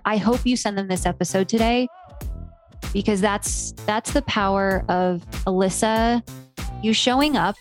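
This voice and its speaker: A woman hosting a podcast interview, telling a playful, animated story with mild swearing. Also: medium pitch. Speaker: podcast host. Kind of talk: casual interview chat.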